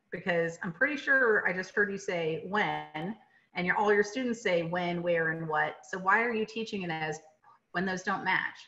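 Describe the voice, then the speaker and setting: A woman's voice: fairly low pitch, pushed and bright. Chatty woman lecturing on a webinar call. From Atlanta, Georgia. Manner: conversational, many fillers and tag questions. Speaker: literacy presenter. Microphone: video call. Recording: dull lo-fi webinar audio.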